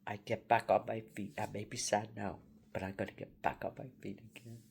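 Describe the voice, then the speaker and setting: Upset woman with a low gravelly voice. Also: level tone, a little mellow, a little hiss or hum. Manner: emotional, halting, sighing and laughing through distress. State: upset, near tears. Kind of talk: personal video diary. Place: shelter room.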